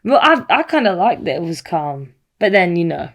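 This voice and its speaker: A woman's voice: fairly low pitch, big pitch swings, moderate pace, a crowd in the background. Giggly rambling young woman. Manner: giggly, rambling, loses her thread. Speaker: podcast co-host. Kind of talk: casual podcast chat.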